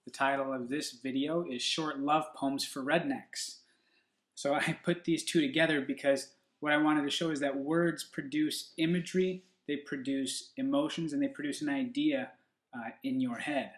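A man's voice: medium pitch, steady tone, moderate pace, echoey room. A man hosting his own video, explaining in an earnest, step-by-step way how a poem is built. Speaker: poet and video host. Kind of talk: casual explanatory monologue.

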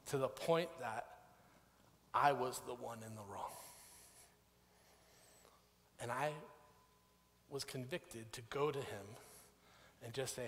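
Man, pastor, conversational sermon, storytelling, mid-pitched voice, long hall reverb. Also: a little slow, pauses often, slight background noise. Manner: storytelling, animated, conversational preaching. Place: church sanctuary.

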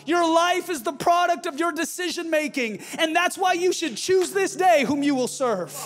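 A male pastor delivering a fiery sermon with forceful, shouted refrains. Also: very high voice, animated, moderate pace.

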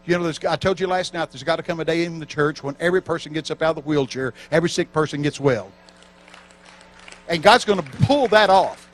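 A man preaching at a church camp meeting, telling stories with lively acted-out voices and shouting for emphasis. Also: on the high side, fast, few pauses, a little hiss or hum. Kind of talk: storytelling sermon.

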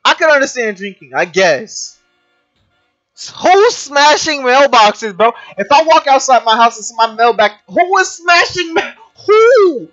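A man's voice: very high-pitched, very animated, a little slow, a bit bright, highs cut off, faint music behind. A young man hosting a let's play, joking and incredulous, laughing often and using slang. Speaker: gaming video host.

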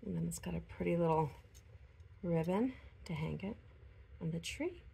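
A woman vlogger chatting casually at home while unboxing a gift, pausing and laughing softly, still recovering from an illness. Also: fairly low pitch, lively intonation, gravelly. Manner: chatty, hesitant, frequent small laughs. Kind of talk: casual chat.

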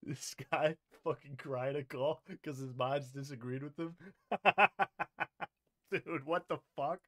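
A man's voice: a little high, steady tone, takes it slowly, a bit bright. A young man reacting to clips, profane and incredulous, laughing in disbelief as he rants. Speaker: commentary streamer. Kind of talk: reaction commentary.

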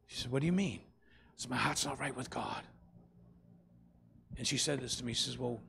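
A man preaching a sermon as pastor, swinging between loud and soft and calling out to the congregation. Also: medium pitch, moderate pace, vocal fry, long pauses, a little hiss or hum.

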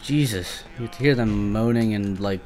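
A young man with a lowish, slightly mellow voice speaks at a moderate pace over soft background music. He's doing let's play commentary on a creepy shooter game, nervous and swearing, often talking back to the monsters.

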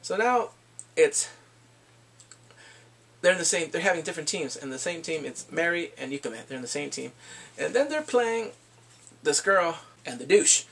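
Animated man with a gravelly voice. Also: fairly high pitch. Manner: animated, acts out scenes with laughs and exclamations. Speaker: anime reviewer. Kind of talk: casual episode recap.

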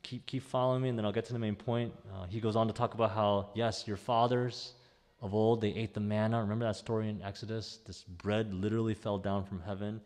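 A man preaching a sermon as pastor, in a conversational, animated way. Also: fairly low pitch, brisk, long reverb tail. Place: church sanctuary.

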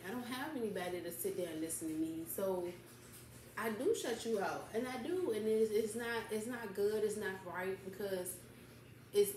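A woman's voice: mid-range voice, a little mellow. A woman hosting a casual talk show, speaking candidly and emotionally in loose, slangy, rambling chat. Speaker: podcast host. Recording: echoey room from a distance, faint noise.

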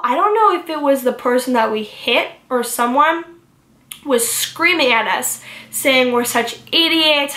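A young woman vlogger recounts a personal story to her viewers, rushing and emotional with a stream of filler words. Her voice sits a touch high, and it is recorded in an echoey room. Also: sharp tone. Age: young adult. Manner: emotional, rushed retelling full of "like" fillers.

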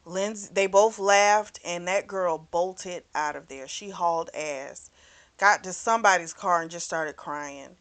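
A woman's voice: fairly low pitch, unhurried, fairly bright tone. A woman hosting a book club channel, chatting through a novel's plot casually and acting out the characters' lines as she goes. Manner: swears freely.

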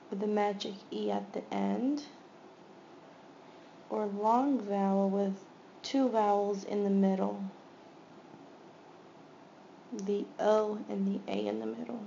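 Slow, gravelly-voiced woman teaching phonics. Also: medium pitch, mellow. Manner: slow, deliberate sounding-out of each word. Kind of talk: phonics word sort lesson. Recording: slightly muffled with faint background hiss.

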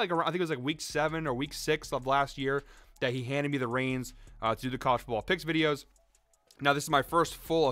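A man's voice: a little high, a bit bright, no echo. A young man hosting a sports betting show, talking in a hyped, salesy way about his picks. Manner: hyped, rapid, salesy delivery. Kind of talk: energetic betting picks talk.

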